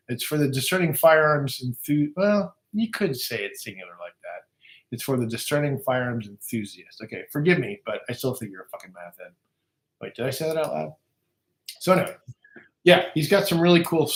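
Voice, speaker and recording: A man's voice: a little high, fairly bright tone. A man chatting casually on a livestream as a guest, profane, rambling and joking as he reads comments. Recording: echoey room.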